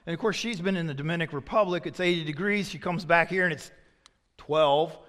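A man preaching a sermon in a conversational, storytelling way, swinging between loud emphatic phrases and hushed asides. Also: fairly high pitch, fairly quick. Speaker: pastor. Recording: long reverb of a large hall.

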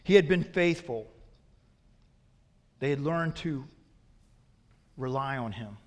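A man's voice: mid-range voice, animated, slow pace. A man preaching a sermon as pastor, asking his congregation rhetorical questions and growing emphatic when he warns them. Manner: grows forceful and emphatic when warning. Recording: long reverb of a large hall.

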